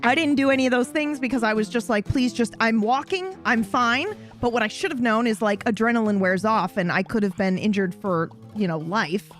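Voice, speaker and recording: A young woman streamer telling a story to her live chat, animated and swearing freely, often breaking into laughter. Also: mid-range voice, fairly quick, hardly any pauses, soft background music.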